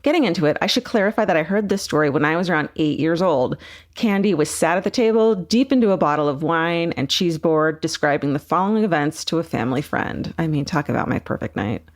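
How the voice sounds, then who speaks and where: A woman co-hosting a podcast, reading a listener's story aloud in an animated, laughing way. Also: sits low, quick pace. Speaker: podcast co-host. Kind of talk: casual podcast chat, reading a listener email.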